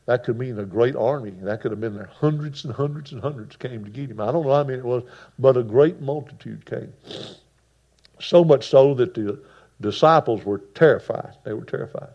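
Gravelly preacher man. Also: mid-range voice, fairly quick. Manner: folksy, swings from hushed to loud and emphatic. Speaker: pastor. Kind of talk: sermon. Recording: dull lo-fi sound.

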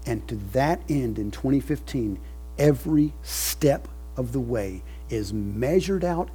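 A man preaching a sermon, building to loud emphatic peaks and falling soft at the ends of phrases. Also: mid-range voice, animated, a little slow, faint music behind, rough recording. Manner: leads congregation in recited scripture. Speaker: pastor.

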